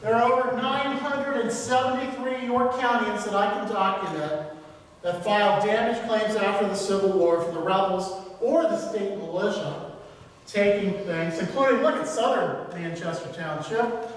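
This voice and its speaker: In this public history lecture, a man speaking at normal speed in a high register tells a local story conversationally, using filler words. The sound comes from far away in an echoey hall, carrying faint ambience and a little hiss or hum.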